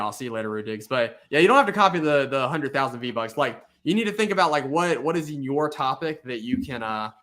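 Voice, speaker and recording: Rambling man giving casual channel tips. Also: fairly high pitch. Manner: rambling, filler-heavy, animated. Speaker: YouTube host giving channel advice. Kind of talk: casual chat.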